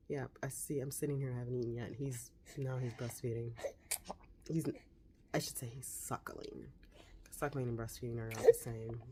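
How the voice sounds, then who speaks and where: A woman's voice: extremely low pitch, mellow, slight background noise. A woman in her forties talking candidly at home about life with her baby, in a chatty vlog manner with tender asides to the child. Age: 40s. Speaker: mom vlogger. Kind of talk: casual vlog chat.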